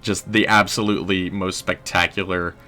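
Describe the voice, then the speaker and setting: A man's voice: sits low, little pitch movement, moderate pace, pushed and bright, faint music behind. A young man casually commenting on his gameplay, chatting with viewers and joking at his own expense. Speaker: livestreamer and writer.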